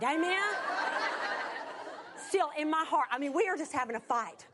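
A woman preaching through a personal story, animated, swinging from exclamations to hushed whispers. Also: high voice, normal speed, long pauses, a faint crowd. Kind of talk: sermon storytelling.

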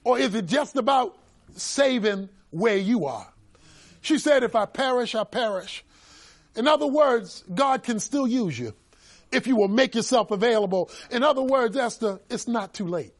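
A male pastor preaching a sermon, telling stories animatedly, with bursts of shouting. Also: very high-pitched.

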